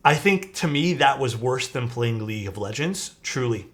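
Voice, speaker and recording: His mid-range voice is expressive and fairly bright, moving at a moderate pace. The young streamer tells a chatty, rambling tale at his desk while putting a keyboard together, full of "like" and some cursing, over faint music.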